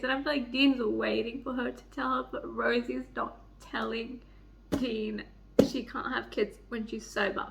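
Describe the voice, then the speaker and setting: A woman's voice: a little high, creaky. A young woman gushing and swearing as she reads quotes from a romance novel in a casual reading vlog at home. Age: young adult. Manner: excitable, swears a lot, gushes over characters. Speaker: book vlogger. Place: home room by a heater.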